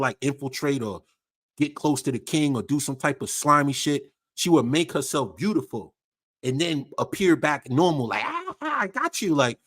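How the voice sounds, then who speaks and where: A man hosting a livestream, ranting in casual slang with lots of swearing and repetition. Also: fairly high pitch. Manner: profane, animated, repetitive slang-heavy ranting. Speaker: livestream host.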